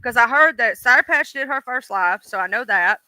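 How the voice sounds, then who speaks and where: A woman's voice: a little high, animated, normal speed, pushed and bright, dry recording, poor audio. A woman hosting a casual livestream, chatting bluntly about online drama and swearing freely. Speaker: livestream host.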